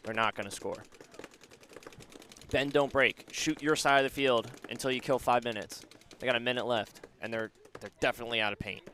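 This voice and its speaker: A man's voice: mid-range voice, little pitch movement, a little fast, fairly bright tone, slight background noise. A man commentating a live paintball match in a casual, joking way, with ums, his voice a little worn. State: losing his voice.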